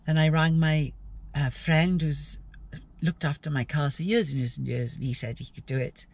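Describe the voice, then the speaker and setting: A woman's voice: sits low, fairly even intonation, normal speed, a little mellow. A woman talking casually in a travel vlog, chatty and exclamatory, laughing often. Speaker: vlogger.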